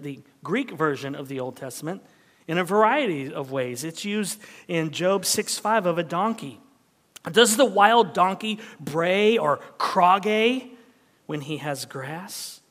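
A man preaching a sermon as pastor, animated, at times dropping to a hushed whisper. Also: fairly high pitch, a little slow, in a large hall.

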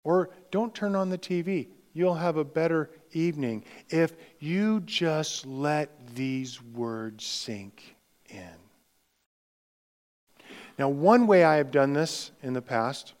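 A man preaching a sermon with slow, emphatic delivery, dropping into hushed tones for emphasis. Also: a little high. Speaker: pastor.

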